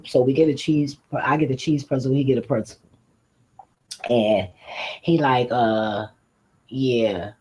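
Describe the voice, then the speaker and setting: A man hosting a livestream casually tells a story to his live audience, blunt and profane, laughing as he goes. His medium-pitched voice is mellow and husky, and the recording is rough.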